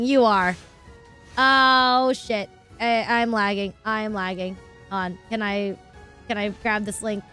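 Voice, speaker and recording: A young adult woman chatting casually with her viewers while she plays a game, excitable and quick to laugh, cursing when things go wrong. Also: fairly high pitch. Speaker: streamer. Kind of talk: casual live-stream chat while gaming.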